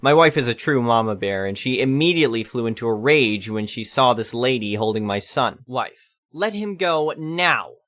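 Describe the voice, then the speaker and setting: A man's voice: medium pitch, a little fast, few pauses, fairly bright tone. A man narrating an online storytime post in a plain read-aloud delivery.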